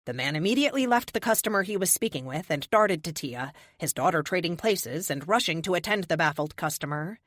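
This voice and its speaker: A woman narrates an adventure audiobook with steady, expressive storytelling. Her voice sits a little low yet moves lively in pitch, recorded close and dry. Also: brisk, few pauses, no room sound. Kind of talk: scripted narration.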